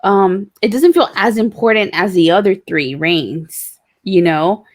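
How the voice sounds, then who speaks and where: Woman guest, casual chat, calm and agreeable, mid-range pitch. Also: a little slow.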